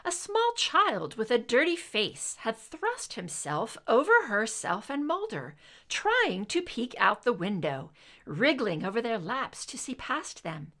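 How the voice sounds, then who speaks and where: A woman narrating a story aloud in an expressive, unhurried way. Her voice sits fairly high and sounds bright. She moves her pitch up and down freely as she reads. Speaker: reader.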